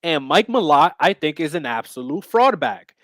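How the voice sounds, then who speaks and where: A brash man with a fairly high voice rambles through a casual podcast chat about fight bets, full of fillers and profanity. His voice is recorded close and dry, with no room sound. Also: big pitch swings, normal speed, a bit bright, dry recording. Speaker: podcast co-host and MMA bettor.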